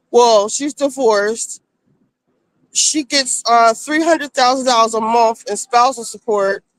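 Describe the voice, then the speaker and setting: A woman's voice: on the high side, no echo. A woman streaming from her phone, giving a blunt, gossipy, profane recap of reality-show drama in casual chat.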